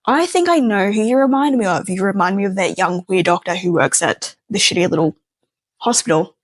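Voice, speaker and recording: A man's voice: high voice, brisk, no room sound, studio quality. A woman voicing a lazy, talkative male small-town police officer who rambles in a folksy, chummy way. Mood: chatty.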